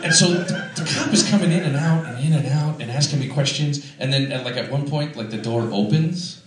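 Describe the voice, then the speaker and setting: A man's voice: a little high, brisk, background noise. A Canadian man doing a stand-up comedy set, rambling and self-mocking, with plenty of fillers. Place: comedy club stage. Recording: echoey club from a distance. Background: laughing audience.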